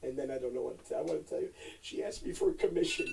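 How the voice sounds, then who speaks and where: A middle-aged man, an actor guest, chatting in a rambling, joking way with loud bursts and swearing. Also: fairly high pitch, quick pace, hardly any pauses, far from the mic, background noise. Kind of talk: joking live-stream chat.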